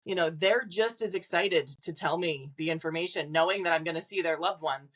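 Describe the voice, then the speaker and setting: A woman with a somewhat low voice talks as a medium guest on a podcast. She chats in a loose, casual way, often slipping in "like" and breaking into small laughs between points. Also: fairly quick, fairly bright tone. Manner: chatty, acts out quoted voices, frequent "like" fillers.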